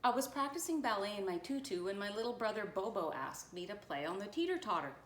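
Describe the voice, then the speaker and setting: A woman voicing a chattering young schoolgirl in a storybook, pleading in a high, rapid voice. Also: big pitch swings, natural voice. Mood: earnest. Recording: roomy echo.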